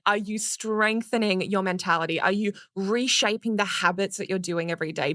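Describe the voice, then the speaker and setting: An Australian woman, a public speaking coach, giving energetic, playful advice in a podcast interview and casually swearing now and then. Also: medium pitch, no echo, clean studio sound.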